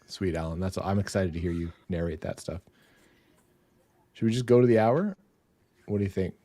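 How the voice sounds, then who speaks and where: Man from Canada, stream host, low voice, laid-back casual talk. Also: moderate pace, mellow. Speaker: livestream host. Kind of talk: casual chat.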